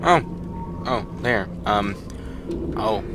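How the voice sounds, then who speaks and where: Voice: mid-range voice, animated, very slow, very noisy. A game streamer giving casual, wry commentary while playing, reacting sarcastically and laughing often. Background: game music.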